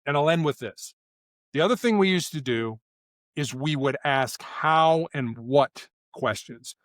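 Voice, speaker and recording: Brief: man as interview guest, lively pitch, a touch high, dry close mic, acts out quotes in voices. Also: unhurried, dry recording. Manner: animated, acts out quoted lines in character voices. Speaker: guest, former SWAT officer. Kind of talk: storytelling interview answers.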